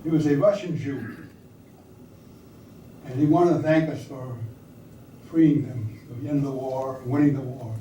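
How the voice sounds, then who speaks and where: A man's voice: mid-range voice, measured pace, long pauses, dark tone, slight background noise. Older man telling war stories, far off in an echoey room. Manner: anecdotal, conversational, asks audience questions. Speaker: speaker recounting wartime service. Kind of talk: storytelling talk to an audience. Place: hall or meeting room with audience.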